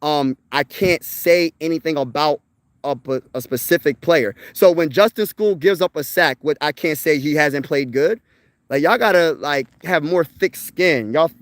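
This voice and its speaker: This young man's voice sits on the high side and moves a little slowly, captured in a dry recording. As a sports channel host, he talks sports casually with viewers, rambling and emphatic, dropping "bro" and "man" to drive his points home.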